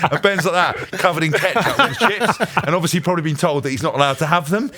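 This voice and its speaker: A man co-hosting a podcast, telling an animated anecdote and acting out the dialogue. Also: fairly high pitch, fast talker, few pauses, dry recording. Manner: lively storyteller acting out dialogue. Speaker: co-host.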